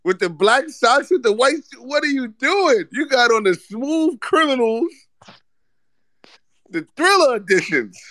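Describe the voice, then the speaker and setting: A man's voice: very high voice, very animated, unhurried, no echo. Profane New man roasting a friend. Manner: loud, profane, teasing roast with frequent laughter. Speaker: podcast co-host. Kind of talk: casual live-audio chat.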